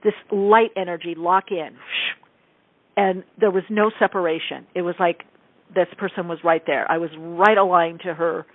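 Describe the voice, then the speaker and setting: A woman radio host and psychic medium, telling a spiritual story in casual talk and acting out quoted dialogue with animated shifts. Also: on the low side, moderate pace, no echo. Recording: tinny phone-like radio broadcast, dry.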